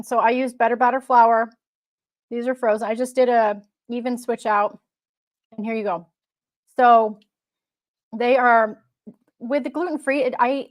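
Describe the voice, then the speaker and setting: Chatty woman hosting a live stream. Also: on the high side. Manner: chatty, rambling, with frequent restarts. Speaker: host. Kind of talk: casual live-stream chat.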